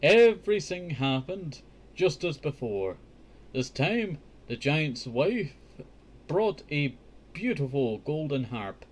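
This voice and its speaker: A man hosts a casual storybook reading of a children's book, often breaking off for chatty, joking asides and saying "I tell you" a lot. His voice is a little high with big pitch swings, and he speaks slowly.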